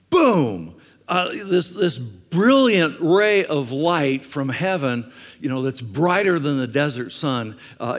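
A male pastor preaching a conversational sermon with frequent fillers, who acts out questions in a raised voice. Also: mid-range voice. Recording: long hall reverb.

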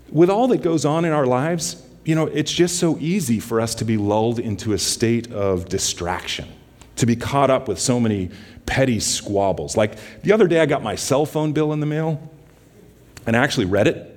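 A man giving a guest sermon in a church, mixing casual stories with slow, softly quoted scripture. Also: medium pitch, long reverb tail. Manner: conversational, scripture quotes slowed and softened. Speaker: guest preacher from a justice ministry.

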